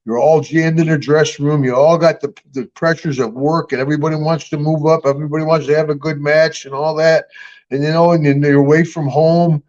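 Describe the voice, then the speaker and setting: Older man telling animated stories, lo-fi sound. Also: a little high, brisk. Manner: animated storyteller, acts out voices, laughs often. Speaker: guest, retired pro wrestler. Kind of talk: storytelling interview. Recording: dull lo-fi sound.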